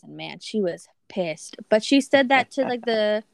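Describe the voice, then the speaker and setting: A young woman co-hosting a casual chat, telling stories in a chatty, gossipy way with quick asides. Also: mid-range voice, animated, vocal fry, slight background noise.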